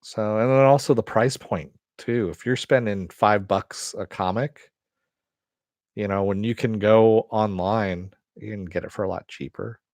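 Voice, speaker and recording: A middle-aged man speaks a little slowly in a fairly low, darkish voice while hosting an informal live stream. Answering viewers, he rambles, cusses and restarts often. No echo in the recording.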